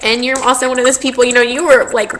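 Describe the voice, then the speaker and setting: A woman's voice: high-pitched, level tone, quick pace, fairly bright tone, slight background noise, rough recording. A young woman, talking in a heartfelt, rambling way and teary as she thanks family and friends in a vlog. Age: young adult. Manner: heartfelt, rambling, tearful with laughs. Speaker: vlogger. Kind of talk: emotional thank-you vlog.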